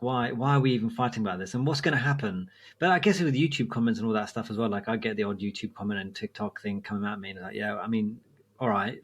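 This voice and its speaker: A man's voice: on the low side, slightly rough. A man co-hosting a podcast, chatting casually and rambling through anecdotes with many restarts. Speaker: podcast co-host, medic. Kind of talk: casual chat.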